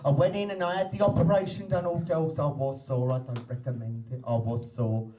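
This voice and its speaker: A man's voice: flat delivery, fairly quick, noisy background. A man doing brassy, bawdy, camp stand-up comedy as a drag performer in a live venue. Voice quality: brassy, bawdy and camp, with big swoops up into falsetto. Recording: distant live-venue mic.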